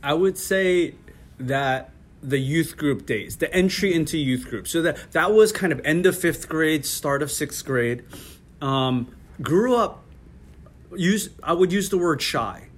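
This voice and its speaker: A middle-aged man in a relaxed interview, talking with many restarts and frequent laughs. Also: on the high side, takes it slowly. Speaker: interview guest. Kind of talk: casual conversational interview.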